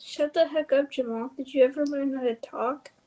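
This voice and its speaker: A teen girl playing a high, prim scolding teenager. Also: steady tone, moderate pace, mellow, natural voice. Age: teens. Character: prim teenager Steven, later a slangy scarecrow.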